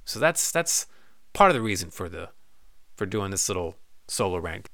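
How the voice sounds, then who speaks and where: Casting: male podcast host, solo rant, bright clear tone, dry close sound. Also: on the low side, sing-song, normal speed, no room sound. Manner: loose, profane, joking, breaks into goofy voices. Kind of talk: solo podcast rant, reading listener messages.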